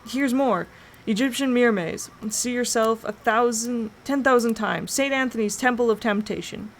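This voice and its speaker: Woman reading bold dreamy boy, storybook, raised pitch, excited and loud. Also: normal speed, slight background noise, close to an everyday voice. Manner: excited, breathless listing. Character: bold, dreamy young boy, eager and wild.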